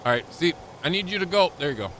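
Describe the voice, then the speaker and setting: A man's voice: a little high, big pitch swings, quick pace, noisy background. A young man streaming a video game live, joking crudely and rambling as he plays. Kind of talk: live gameplay commentary.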